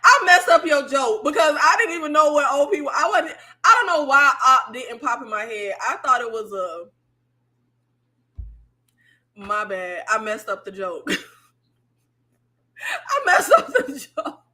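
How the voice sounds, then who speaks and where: A woman hosting a casual chat with her viewers, telling stories in an animated way, laughing and swearing freely. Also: high voice, normal speed. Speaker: YouTube host.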